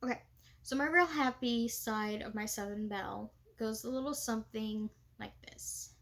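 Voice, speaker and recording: A woman's voice: fairly high pitch, moderate pace, a bit bright. A young woman reenactor talking in a casual, chatty way, with many fillers and laughs. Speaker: living history reenactor. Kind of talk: casual vlog talk.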